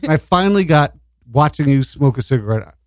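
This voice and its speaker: A man's voice: fairly high pitch, animated, fairly quick, no echo, studio quality. Joking man co-hosting a bawdy chat show. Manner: joking, runs drinking-game bits. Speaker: podcast co-host.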